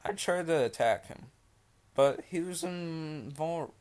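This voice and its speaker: A man's voice: fairly high pitch, normal speed, a little mellow. A young man reading a creepypasta aloud, breaking off into rambling, mocking asides full of fillers. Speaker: creepypasta reader.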